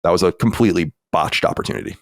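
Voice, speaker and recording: A man's voice: deep voice, very fast, creaky, dry recording, studio quality. A man hosting a podcast in casual chat, blunt and opinionated, rambling with restarts. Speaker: podcast host.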